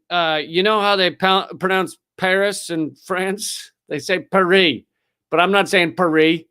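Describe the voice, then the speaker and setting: Sarcastic high-voiced man. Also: sharp tone, clean tone. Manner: sarcastic and profane, with frequent fillers. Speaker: livestream host. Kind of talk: ranting commentary.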